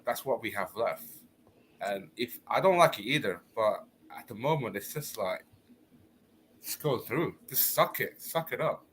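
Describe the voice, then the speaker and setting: A man in casual football chat, making his point in a halting, rambling way. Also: mid-range voice, lively intonation, a bit bright, slight background noise. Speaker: panelist.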